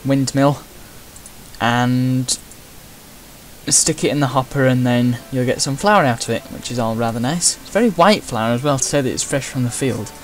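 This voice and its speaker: A man's voice: mid-range voice, moderate pace, a little hiss or hum. A man giving casual, chatty gameplay commentary with wry asides. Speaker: gamer.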